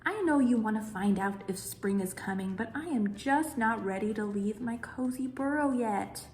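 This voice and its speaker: A woman's voice: on the high side, lively intonation, moderate pace, darkish tone, natural voice. A woman voicing a lazy, sleepy male groundhog who grumbles, reading a picture book aloud. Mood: grumpy. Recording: roomy echo.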